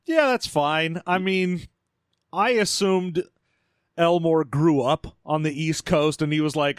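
A man's voice: on the high side, takes it slowly, clear, resonant tone, dry recording. A man co-hosting a podcast in casual chat, answering with dry, wry one-liners. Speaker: podcast co-host.

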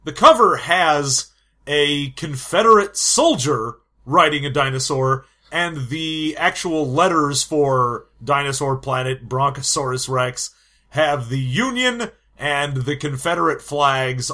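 A man's voice: fairly high pitch, slow pace, sharp tone. A man co-hosting a comedy podcast about old games, riffing playfully and laughing often. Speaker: podcast co-host. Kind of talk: casual comedic chat.

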